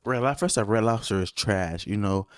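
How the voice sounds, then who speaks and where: A man's voice: lowish voice, a little fast, clear, resonant tone, no room sound, clean studio sound. A man hosting a casual podcast, joking and boasting in slangy talk. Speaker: host.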